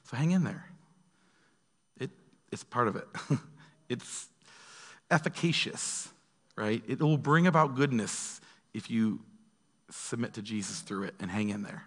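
A man leading a relaxed Bible study as pastor, talking conversationally and acting out quoted voices. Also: mid-range voice, measured pace, long pauses, long reverb tail. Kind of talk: casual Bible study teaching.

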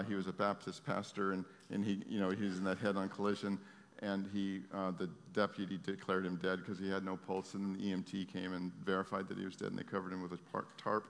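Guy preaching, goes from fired-up pleading to soft storytelling, big echoey hall. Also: low voice. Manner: swings from loud impassioned pleading to soft storytelling. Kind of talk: sermon. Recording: long hall reverb.

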